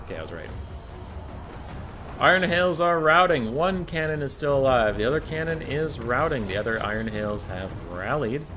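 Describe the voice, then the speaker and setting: A man with a fairly low voice casts a strategy game tournament live on stream. Chatty and given to digressions, he talks with his chat between calls.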